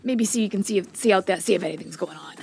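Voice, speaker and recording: A woman's voice: mid-range voice, vocal fry, darkish tone. A woman narrating as game master of a tabletop game stream, chatty and full of ums. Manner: chatty, lots of ums, quick asides.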